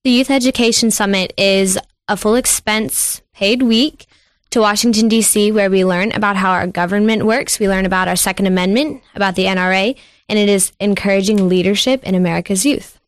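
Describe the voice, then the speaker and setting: A woman's voice: mid-range voice, fairly even intonation, a little fast, no echo. A teenage girl being interviewed in a radio studio, polite and well prepared. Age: teens. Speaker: student guest.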